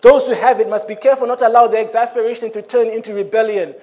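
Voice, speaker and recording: A man delivers a sermon in a strikingly high voice. He talks in an animated way and keeps breaking into laughing asides. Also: racing. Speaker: preacher.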